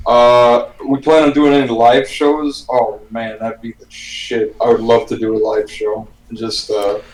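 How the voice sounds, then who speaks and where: A man, a band's bassist and composer, chatting relaxed and enthusiastic in a casual Q&A. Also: measured pace. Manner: relaxed, enthusiastic, loose swearing. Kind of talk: casual Q&A chat. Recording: roomy echo.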